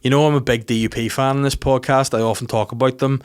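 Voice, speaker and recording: A man's voice: medium pitch, fairly even intonation, fast, smooth. A Northern Irish man hosts a podcast in a loose, comic monologue. He rambles from one thought to the next, mocks himself and drops the odd swear word along the way. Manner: rambling, self-deprecating, sweary. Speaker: podcast host. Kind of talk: casual comedic monologue.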